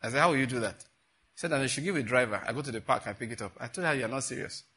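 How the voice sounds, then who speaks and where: Casting: middle-aged male Nigerian pastor, bright husky tone, animated storytelling sermon. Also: medium pitch, racing. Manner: animated storyteller, bursts into laughing retellings.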